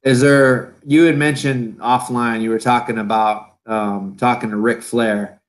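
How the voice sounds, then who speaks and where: A man's voice: mid-range voice, fairly even intonation, a little slow, rough recording. A man hosting a podcast, asking questions in hesitant casual chat with many fillers. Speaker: podcast host.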